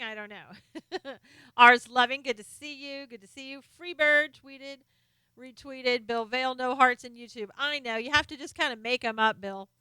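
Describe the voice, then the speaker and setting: Woman, middle-aged, live stream host, casual chat, reads viewer names, very clear voice, dry sound. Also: on the high side, pushed and bright, no room sound. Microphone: desk microphone, sometimes off-axis.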